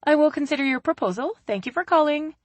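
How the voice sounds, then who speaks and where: A woman's voice: medium pitch, lively intonation, normal speed, no echo, pitched above the performer's own voice. A woman reading the lines of a playful, cheerful young professional woman in a romance story. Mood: businesslike. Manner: cheerful, playful, soft at times.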